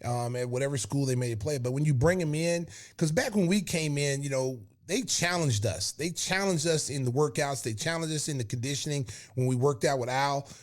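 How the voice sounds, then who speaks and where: A man in his fifties hosting a podcast, telling a lively story and laughing often as he goes. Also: medium pitch, fairly quick, few pauses. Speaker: podcast host. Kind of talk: animated storytelling.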